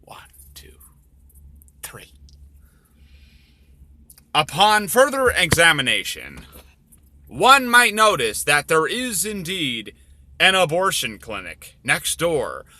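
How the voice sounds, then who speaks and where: A man's voice: on the high side, sing-song, slow pace, bright, forceful tone. A man reading his own story aloud, with rambling, profane, offhand commentary between passages.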